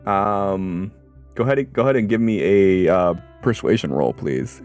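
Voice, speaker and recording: A man running a tabletop game as game master, narrating in a halting way full of ums and uhs. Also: deep voice, a little mellow, faint music behind.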